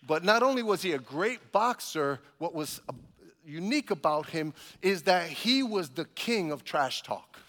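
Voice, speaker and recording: A man preaching a sermon as pastor, building to loud emphatic calls and asking his congregation for amens. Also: on the high side, very animated, normal speed, long reverb tail.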